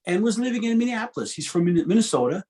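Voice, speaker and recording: A guest musician in his fifties tells stories during an interview, speaking quickly in a high-pitched voice. He's animated, restarts often, and laughs between stories.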